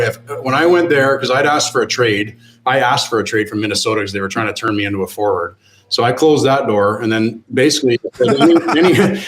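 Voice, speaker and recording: Male podcast guest, mid-range voice, measured and emphatic delivery. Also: mid-range voice. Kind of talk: casual podcast chat.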